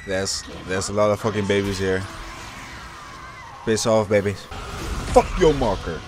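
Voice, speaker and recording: Man, gaming commentary, lots of swearing, frustrated, somewhat low voice, game music playing. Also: unhurried, long pauses. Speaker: gaming YouTuber. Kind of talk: let's play commentary. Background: video game music.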